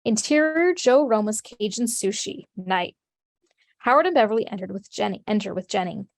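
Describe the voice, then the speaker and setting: A woman's voice: medium pitch, moderate pace, gravelly, dry recording. Woman narrator, plain mid voice, reads directions evenly, dry close sound. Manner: steady, matter-of-fact reading. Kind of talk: reading stage directions.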